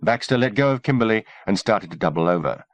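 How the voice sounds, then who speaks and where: A man narrating an audiobook in a steady, measured reading voice. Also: lowish voice, no room sound.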